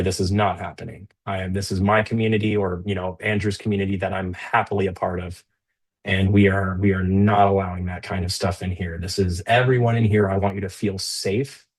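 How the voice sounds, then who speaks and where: A man hosting a live trading stream, talking through the market casually with fillers and restarts. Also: deep voice. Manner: conversational, with many fillers and restarts; stern and scolding toward a rude chatter. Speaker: live trading show host.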